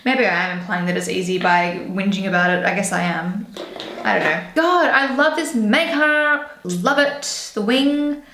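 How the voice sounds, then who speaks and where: A woman's voice: on the low side, normal speed, a bit bright. Chatty woman in an echoey room. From Australia. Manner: chatty, rambling with self-corrections. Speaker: beauty vlogger. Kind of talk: casual get-ready-with-me chat. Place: home room indoors. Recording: roomy echo.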